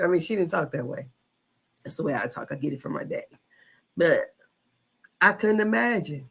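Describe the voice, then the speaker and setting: A woman's voice: mid-range voice, lively intonation, a little fast, long pauses, breathy edge. A woman in her fifties, a podcast host telling a childhood story in casual chat, laughing often and swearing freely.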